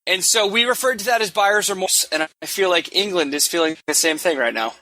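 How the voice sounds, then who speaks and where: Man, podcast co-host, high bright voice, dry close sound, crude jokes. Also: a little fast, no echo. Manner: crude, joking storyteller. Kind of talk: casual comedy podcast banter.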